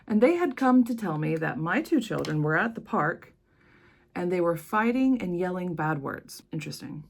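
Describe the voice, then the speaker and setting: A woman's voice: on the low side, sing-song, normal speed, gravelly. American woman telling a personal story. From United States. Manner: earnest, conversational, with emphatic rises. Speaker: vlogger.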